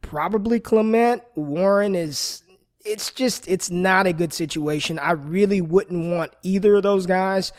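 A man's voice: high-pitched, a little slow. A man appearing as a guest analyst on a sports podcast, enthusiastic but often restarting his sentences. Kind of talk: casual chat.

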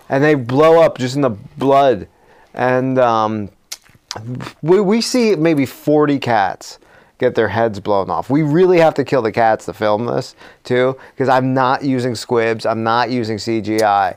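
A man co-hosting a comedy podcast, improvising a horror movie plot in a rambling, energetic way with frequent fillers. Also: medium pitch, unhurried, clear, resonant tone. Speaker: podcast co-host.

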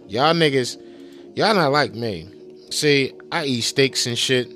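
A man's voice: medium pitch, animated, takes it slowly, a bit bright, soft background music. A man giving a heated, profane political rant in a vlog, mocking and repeating himself as he swears constantly.

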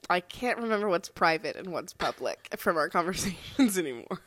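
A woman's voice: lowish voice, big pitch swings, brisk, fairly bright tone, slight background noise. A young woman co-hosting a podcast in casual chat, dry and teasing, with lots of "like" in her speech. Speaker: podcast co-host.

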